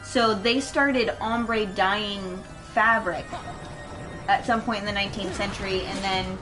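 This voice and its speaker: A young woman chatting casually on a game stream, unhurried and thinking aloud. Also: mid-range voice, steady tone, poor audio. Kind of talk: casual gameplay chat. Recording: game music behind.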